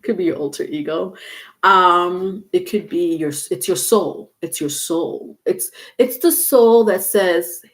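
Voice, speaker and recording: A woman giving a casual livestream tarot reading, rambling and halting, with many fillers and restarted words. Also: on the low side. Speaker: tarot reader.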